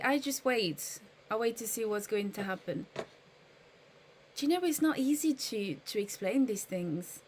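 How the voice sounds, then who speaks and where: A woman with a fairly high voice live streams in casual chat, with a little hiss or hum in the recording. She thinks aloud while patiently explaining trading to her viewers.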